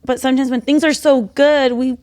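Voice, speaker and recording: Young woman co-host, fairly high voice, earnest faith-centered chat, animated. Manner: earnest, animated, quick bursts and soft drops. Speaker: podcast co-host. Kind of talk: casual faith-based chat.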